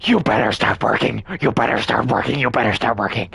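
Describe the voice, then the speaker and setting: A man voicing a towering, hunched monster store manager who barks repetitive orders in a low voice. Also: fairly quick, gravelly, fairly bright tone, breathy edge, heavily acted. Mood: barking.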